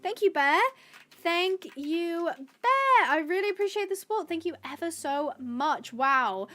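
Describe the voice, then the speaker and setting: A woman's voice: very high-pitched, lively intonation, a little slow, a bit bright. A woman chatting on a livestream in a bubbly, chatty way, thanking her viewers as she talks. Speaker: livestreaming gamer. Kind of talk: casual livestream chat.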